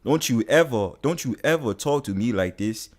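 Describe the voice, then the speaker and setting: A man's voice: medium pitch, expressive, normal speed, natural voice. A man doing a menacing Nigerian-accented tough guy. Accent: Nigerian (put on). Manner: threatening, growling.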